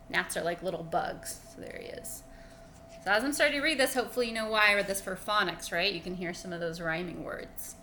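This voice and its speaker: A woman's voice: medium pitch, a little fast, bright, forceful tone, a little hiss or hum. Cheerful woman teacher reading to kids. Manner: cheerful, chatty, talks to kids. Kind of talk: reading aloud to children online.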